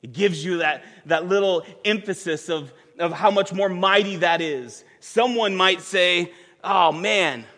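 Male pastor, high-pitched, unhurried and emphatic, repeats for stress; long hall reverb. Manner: emphatic, repeats words for stress, rises to near-shouts. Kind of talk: sermon. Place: church sanctuary with a band.

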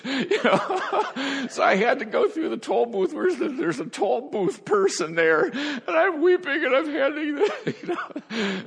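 Male preacher, mid pitch, testimony storytelling with hushed lows and laughing highs, reverberant hall. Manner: storytelling, swings from hushed to laughing high bursts. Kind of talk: sermon testimony.

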